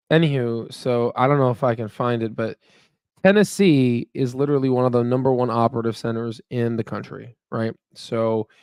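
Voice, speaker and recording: A man's voice: medium pitch, a little mellow, no room sound, clean studio sound. A young man hosting a stock market channel, chatting casually and rambling with fillers and laughs. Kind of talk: casual livestream chat. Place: staying in Memphis, Tennessee. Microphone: on Wi-Fi stream.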